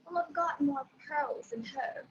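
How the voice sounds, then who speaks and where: A woman's voice: sits high, a little slow, muffled recording, a little hiss or hum. A woman playing a haughty 1920s society lady.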